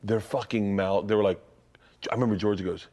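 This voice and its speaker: A middle-aged man on a casual podcast, spinning a lively family story and swearing as he goes. His voice sits fairly low and carries easily. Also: brisk. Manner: animated storyteller, swears freely. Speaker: podcast co-host. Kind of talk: casual chat.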